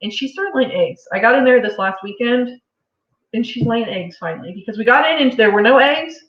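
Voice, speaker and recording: A young woman chats animatedly on a farm livestream. She talks fairly high and laughs often. Her voice carries an echoey, slightly muffled room sound. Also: expressive, a little fast, a bit bright. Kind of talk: casual chat. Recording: roomy, slightly dull livestream audio.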